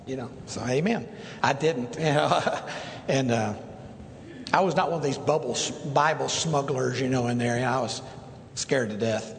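A man's voice: medium pitch, normal speed, vocal fry. A middle-aged male pastor telling rambling stories in a sermon, full of restarts and asides. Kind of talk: sermon storytelling. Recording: echoey hall with long reverb, faint noise.

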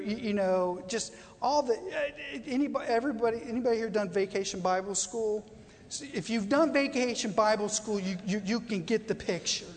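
A guest preacher gives a conversational sermon, often repeating phrases and asking the congregation questions. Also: mid-range voice. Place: church sanctuary. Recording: long reverb of a church hall.

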